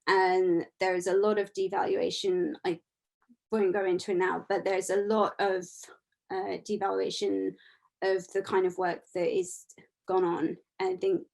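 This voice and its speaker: A woman's voice: medium pitch, level tone, measured pace, gravelly, darkish tone. A woman speaking on an online panel about her work as a repertoire consultant, earnest and a little rambling, heard over a video call.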